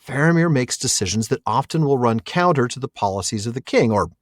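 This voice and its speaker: A man's voice: mid-range voice, lively intonation, fairly quick, no room sound, studio quality. A middle-aged man co-hosting a podcast, chatting and explaining in an enthusiastic way. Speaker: podcast co-host. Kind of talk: casual chat.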